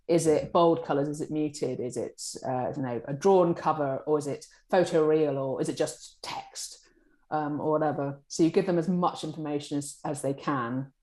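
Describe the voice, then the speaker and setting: A woman in a publishing role, answering interview questions in a chatty, animated way. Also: low voice, normal speed. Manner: chatty, animated, acts out colleagues' lines. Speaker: publishing director. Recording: echoey room.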